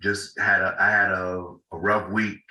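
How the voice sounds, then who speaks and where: Hoarse host with a bright, roomy voice. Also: male voice, low-pitched, flat delivery, unhurried, far from the mic. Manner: laid-back, folksy, repeats himself. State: hoarse from illness. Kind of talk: casual discussion.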